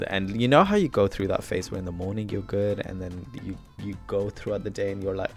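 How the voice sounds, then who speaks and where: A man hosting his podcast, chatty and animated, swinging from loud bursts to quiet asides. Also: lowish voice, a little fast, hardly any pauses, faint music behind. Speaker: podcast host. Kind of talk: solo podcast intro.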